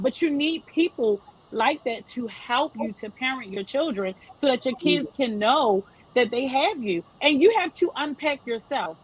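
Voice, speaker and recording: A woman's voice: sits high, animated, moderate pace, slightly rough, lo-fi sound. A woman in her thirties speaking as a panel guest, giving earnest, emphatic advice to parents. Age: 30s. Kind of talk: panel discussion.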